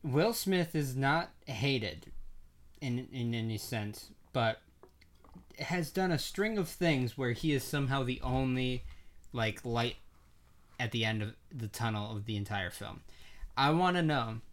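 A podcast co-host in a relaxed, chatty conversation, telling stories in an animated way. Laughter breaks in often, and the voice sits at a middle pitch. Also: unhurried. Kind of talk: casual chat.

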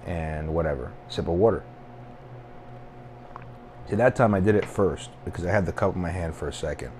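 A man's voice: deep voice, normal speed, darkish tone, a little hiss or hum. A young man hosting a solo podcast, rambling and venting casually with frequent swearing and self-deprecating asides. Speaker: podcast host.

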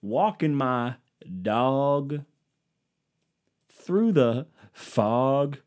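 A man voicing a male country singer with a Southern twang, slowly singing simple lyrics. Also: medium pitch, lively intonation, darkish tone. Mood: mock crooning. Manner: slow drawled singing.

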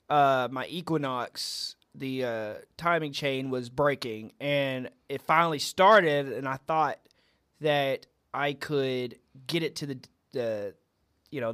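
A man's voice: mid-range voice, fairly bright tone, dry recording, clean studio sound. A man co-hosting a faith podcast, affirming his partner and chuckling often as he shares stories. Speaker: podcast co-host. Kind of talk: casual faith podcast chat.

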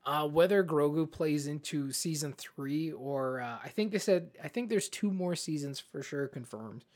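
A man co-hosting a casual film podcast, excitable and animated, often acting out scenes as he talks. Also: on the high side, normal speed. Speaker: podcast co-host. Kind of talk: casual film review chat.

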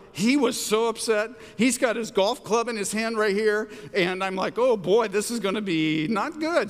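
A middle-aged male pastor preaching in a church sanctuary, his voice sitting high for a man. He tells stories in an animated way and climbs up sharply whenever he quotes someone. The sound carries a long, ringing reverb from the hall. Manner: animated storyteller, rises high for quoted lines. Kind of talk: sermon with storytelling.

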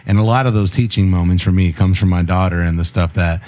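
Low-pitched male co-host, relaxed and profane, good at retelling stories. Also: fast talker. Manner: relaxed, swears casually, retells stories with quoted dialogue. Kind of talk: casual chat.

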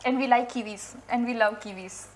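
A woman's voice: fairly high pitch, steady tone, fairly quick, a little hiss or hum, low-quality recording. A woman chatting casually as a co-host, telling stories eagerly with many restarts and fillers. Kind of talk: casual chat.

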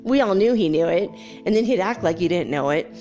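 A middle-aged woman telling a spiritual story in a candid, animated way, laughing often and acting out what others said. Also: fairly low pitch, a little fast, muffled recording, faint music behind. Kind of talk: casual spoken storytelling.

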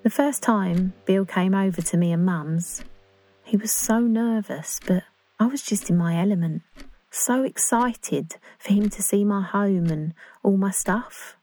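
An actress plays an earnest, awkward young woman in love, delivering a dramatic monologue in a chatty, confiding, self-conscious English voice with excitement. Her mellow voice is medium in pitch, measured in pace, and only lightly acted.

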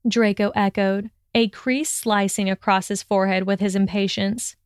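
A woman narrating a story aloud in a steady, expressive storytelling manner. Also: medium pitch, measured pace, few pauses, smooth, no echo, clean studio sound. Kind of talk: reading fan fiction aloud.

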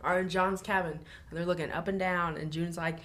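A woman's voice: on the low side, steady tone, fairly quick, a bit bright. A woman co-hosting a podcast, retelling a TV episode's plot step by step in casual chat, with blunt opinionated asides. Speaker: podcast co-host.

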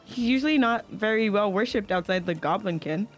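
A tabletop game master at a middling pitch, narrating in a loose, rambling way. The talk is full of fillers and restarts. Soft music plays faintly behind. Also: lively intonation, a little fast.

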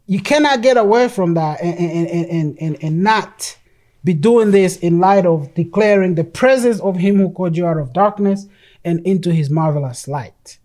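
A preacher in the middle of a sermon, talking at an ordinary middle pitch. The delivery is emphatic, with frequent stumbles and repeated words as sentences restart. Passages from an article and scripture are read aloud along the way. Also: normal speed, darkish tone.

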